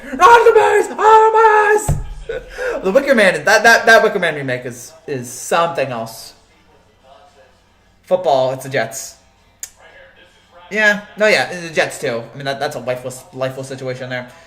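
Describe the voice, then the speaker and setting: A man's voice: mid-range voice, lively intonation, moderate pace, long pauses, pushed and bright, roomy sound, faint music behind. A man hosting a casual live sports show, rambling and joking as he answers the chat, with many restarts and fillers.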